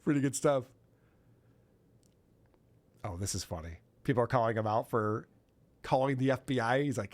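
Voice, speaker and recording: A man's voice: medium pitch, moderate pace, long pauses. A man hosting a podcast, commenting on clips in casual chat, often mocking and laughing. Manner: mocking, laughing, mimics voices. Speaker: podcast host.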